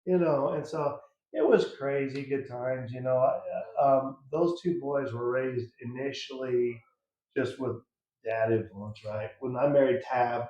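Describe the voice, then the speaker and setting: A man telling a family story as an interview guest, lively and laughing, acting out the quotes. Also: mid-range voice, measured pace. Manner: animated, laughing storyteller who acts out quotes. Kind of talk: casual storytelling. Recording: roomy, dull sound.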